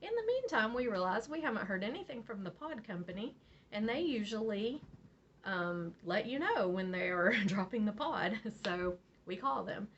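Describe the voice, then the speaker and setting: With a moderate pace and mid-range pitch, a woman hosting a beading channel tells a casual vlog story, full of laughter and acted-out quotes. She comes from Virginia, and from West Virginia, and the recording is a bit dull with faint noise.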